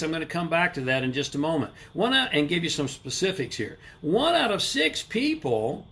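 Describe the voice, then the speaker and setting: A man's voice: fairly high pitch, fairly bright tone. A middle-aged man hosting a motivational livestream, talking emphatically, asking rhetorical questions and greeting viewers by name. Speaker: livestream host. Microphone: live stream camera mic.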